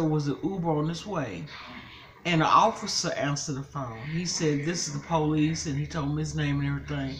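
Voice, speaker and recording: A woman's voice: low voice, fairly bright tone, a little hiss or hum, rough recording. An older woman, a grandmother, telling an upsetting story in casual chat, tearful and angry by turns. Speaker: vlogger.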